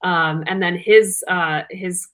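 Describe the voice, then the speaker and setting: A woman guest on an interview chat, speaking in halting phrases with many ums. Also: on the low side, fairly even intonation. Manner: warm praise, hesitant ums. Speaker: agency guest.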